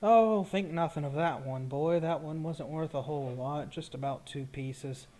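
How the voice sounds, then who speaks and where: A man voicing an easygoing male stall merchant in a tabletop game, talking in relaxed, chatty sales patter. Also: fairly high pitch, moderate pace, natural voice. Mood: reassuring.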